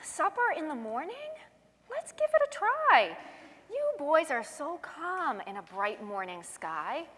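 A woman voicing a frazzled mother who calls out high and loud, in a reverberant hall. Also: big pitch swings, slow, heavily acted. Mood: gentle. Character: frazzled mother, shrill when cross.

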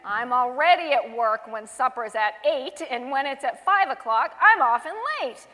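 A woman's voice: high voice, lively intonation, normal speed, sharp tone, heavily acted. A woman voicing a tired, hungry father grumbling after a long day, in a reverberant hall. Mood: weary.

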